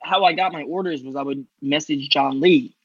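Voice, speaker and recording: A man telling a story as a podcast guest, casual and animated, swearing freely and acting out what people said. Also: a little high, normal speed, dry recording, lo-fi sound. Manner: animated, swears freely, acts out quoted talk. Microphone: remote headset.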